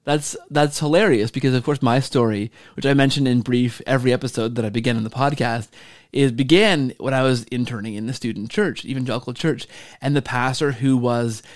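A man hosting a podcast, telling a story in a casual, animated way and checking in with a frequent "right?". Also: medium pitch, brisk. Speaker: podcast host.

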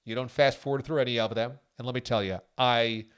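A man's voice: medium pitch, fairly even intonation, a little fast, clear, resonant tone. Enthusiastic man hosting a podcast. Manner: enthusiastic, chatty sports fan. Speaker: podcast host. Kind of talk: casual podcast chat.

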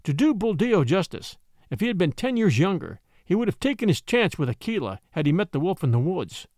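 Rich: An expressive male storyteller reading a classic tale aloud, his pitch lively and sitting a little high for a man. The recording is close and dry. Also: brisk, no echo. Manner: expressive, acts out the voices. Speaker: narrator. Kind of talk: storybook narration.

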